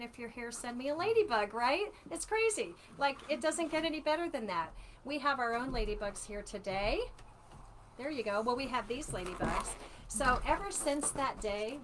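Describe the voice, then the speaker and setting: Woman, 60s, slightly high voice, chatty livestream storyteller, faint room noise. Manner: chatty and animated, warm with viewers. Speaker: author hosting a live book launch. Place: at home.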